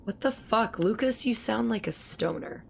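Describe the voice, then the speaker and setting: A woman with a fairly high voice and some vocal fry streams a game at a moderate pace, with slight background noise. Still recovering from a cold, her voice isn't at full strength, but she stays chatty, rambling and talking to chat during casual gameplay commentary.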